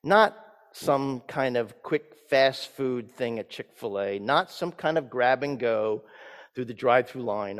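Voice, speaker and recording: A man pastor giving a sermon, swinging from loud emphatic peaks down to soft hushed lines. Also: mid-range voice, measured pace. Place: church sanctuary. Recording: church sanctuary with long reverb.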